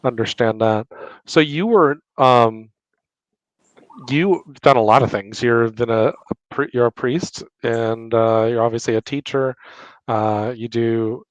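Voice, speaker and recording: A man's voice: medium pitch, measured pace, no room sound. A male interviewer asking friendly, searching questions, with a lot of fillers and restarts. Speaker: interviewer, host. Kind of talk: conversational interview. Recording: dry, dull, lo-fi sound.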